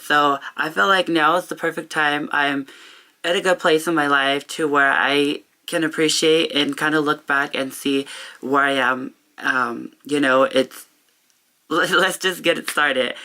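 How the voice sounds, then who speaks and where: A young woman talking to camera in a personal vlog, heartfelt and open, halting often with pauses and restarts. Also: deep voice, steady tone, pushed and bright. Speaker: vlogger. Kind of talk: reflective personal vlog talk.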